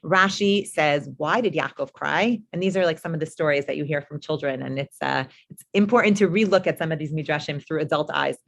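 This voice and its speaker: A woman's voice: low-pitched, quick pace, gravelly. Woman teaching a casual Torah class. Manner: conversational, many "um" and "like" asides.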